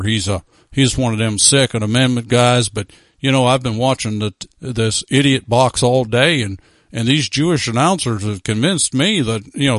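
A man's voice: mid-range voice, no echo, studio quality, lightly acted. A man voicing a gullible, folksy middle-aged neighbor who rambles with a loose drawl.

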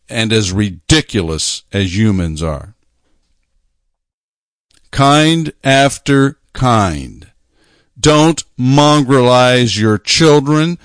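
A man preaching a sermon, talking emphatically, repeating phrases and slowing down to stress his points. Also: on the low side, no room sound, studio quality.

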